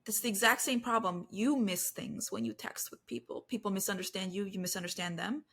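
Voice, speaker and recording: Woman co-host chatting, playful and lively. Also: medium pitch, fairly quick, a little hiss or hum. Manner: lively, playful examples, many "like"s. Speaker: podcast co-host. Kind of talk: casual podcast chat.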